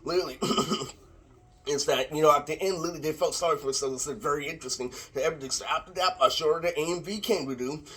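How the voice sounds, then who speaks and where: A man's voice: a little high, fast, bright, forceful tone, husky. A man delivering a rambling, profane rant to camera, repeating the same filler word constantly, recorded on a laptop microphone. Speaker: vlogger. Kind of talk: ranting monologue to camera.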